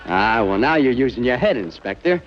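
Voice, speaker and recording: An actor playing a jovial undercover agent, chummy and teasing. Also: male voice, medium pitch, sing-song, a little fast, lightly acted. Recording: dull lo-fi film soundtrack with street noise.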